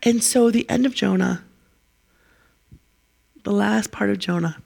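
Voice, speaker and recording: A woman preaching a sermon, telling the story in a lively way and acting out the quotes. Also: medium pitch, unhurried, gravelly.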